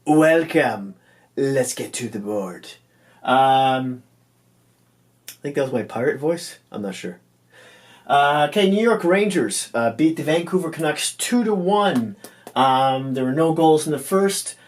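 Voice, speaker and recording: A man casually recapping hockey games. He talks loosely, fills pauses with ums and uhs, and stumbles over player names. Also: on the high side, expressive.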